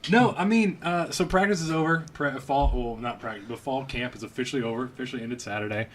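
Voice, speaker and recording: A man from Louisiana co-hosting a casual sports podcast, rambling and joking as he thinks out loud. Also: medium pitch, fast talker. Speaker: podcast co-host.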